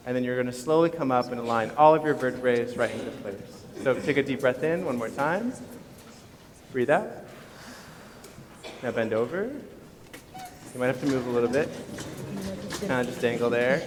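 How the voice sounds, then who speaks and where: A man, a choir teacher, leading vocal warm-ups at a school concert in an upbeat, encouraging, instructive way. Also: medium pitch, moderate pace, pauses often. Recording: long hall reverb with audience.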